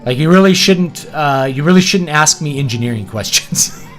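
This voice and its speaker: A man's voice: on the high side, lively intonation, moderate pace, soft background music. A man from East Texas chatting casually while playing a video game, rambling from topic to topic and laughing often. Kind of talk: casual gameplay commentary.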